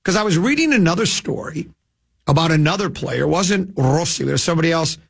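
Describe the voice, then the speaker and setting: A male sports radio host in casual banter, playful and theatrical, often slipping into quick put-on voices. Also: a little high, lively intonation, vocal fry, husky.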